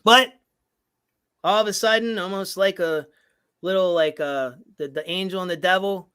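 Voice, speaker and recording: A man's voice: sits high, moderate pace, bright, forceful tone, clean tone. A man co-hosting a comedy podcast, casually reading a holiday movie script aloud and chatting, with lots of fillers and playful line readings. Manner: chatty, many fillers, reads lines in playful voices. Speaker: podcast co-host.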